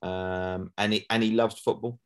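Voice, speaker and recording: Rambling man, slightly low voice. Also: level tone, normal speed. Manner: rambling, repeats "do you know what I mean". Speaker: guest, former footballer. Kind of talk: casual interview chat.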